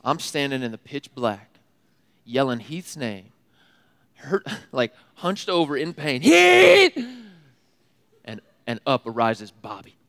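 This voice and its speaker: A young man giving a sermon as a youth speaker, telling funny stories in an animated, laughing way with casual slang. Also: mid-range voice, a little slow. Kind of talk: storytelling sermon. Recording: long hall reverb.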